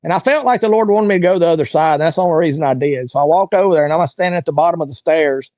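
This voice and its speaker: A man's voice: a little high, racing, darkish tone, dry recording. A man, telling a story as an interview guest and acting out what people said. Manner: acts out quoted voices while telling a story. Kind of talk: casual storytelling. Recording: dull dry lo-fi sound.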